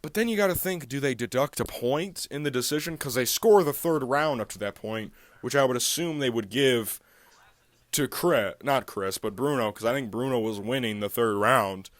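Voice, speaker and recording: A man recapping fights in a loose, heated rant, swearing freely as he goes. His voice sits at an ordinary middle pitch. The sound is dry and close, with no room echo. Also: normal speed. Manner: profane, heated and ranting. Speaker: MMA recap channel host. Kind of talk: casual fight recap monologue.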